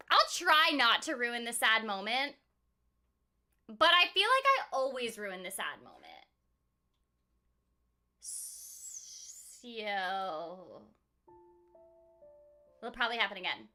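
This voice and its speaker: Streamer, woman, high lively voice, bubbly and giggly chatter. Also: takes it slowly, pauses often. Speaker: streamer and voice actor. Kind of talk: casual game stream chat.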